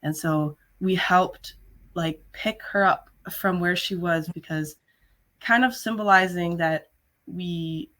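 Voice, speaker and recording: A choir singer with a mid-pitched voice speaks slowly and gently over a video call. The words come in an unhurried way, with occasional soft laughter. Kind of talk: casual reflective explanation.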